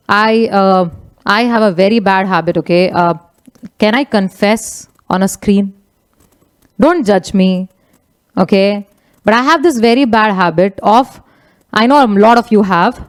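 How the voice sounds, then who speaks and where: A middle-aged woman with an Indian English accent giving a chatty motivational talk, slipping into Hindi phrases. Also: mid-range voice. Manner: animated, conversational, mixes Hindi phrases. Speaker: motivational speaker, business leader.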